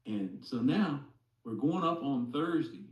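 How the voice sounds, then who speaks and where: A man slowly telling a personal story to a group, pausing often to check in with "okay?". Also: medium pitch, lively intonation, roomy sound, far from the mic, rough recording. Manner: slow, deliberate, many "okay?" asides. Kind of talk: slow storytelling testimony.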